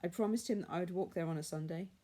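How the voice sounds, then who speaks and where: Bob Cratchit, a woman reading a soft grieving clerk. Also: fairly low pitch, rapid-fire, lightly acted. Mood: tender. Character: grieving gentle middle-aged male clerk. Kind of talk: storybook reading.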